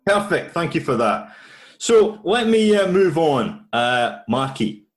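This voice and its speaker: An adult man interviewing his father for a church video, with halting restarts and fillers. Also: on the high side, sing-song. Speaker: interviewer, son of the guest.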